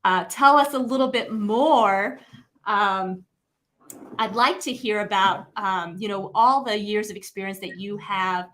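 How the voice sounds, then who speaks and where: Bright, effusive woman host. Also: medium pitch, measured pace. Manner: effusive, full of praise. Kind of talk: interview hosting.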